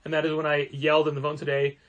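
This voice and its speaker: A man with a somewhat high voice co-hosting a relaxed podcast, speaking in a measured, deliberate way. He adds grumbling asides as he complains. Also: dull audio. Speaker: podcast co-host, comic shop co-owner. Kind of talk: casual podcast chat.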